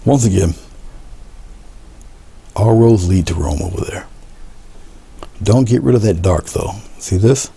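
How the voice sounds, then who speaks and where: A man teaching a painting demonstration, talking relaxed as he paints, repeating short coaching phrases and often trailing off into a murmur. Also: deep voice, measured pace, gravelly, long pauses, slightly rough. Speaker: art instructor.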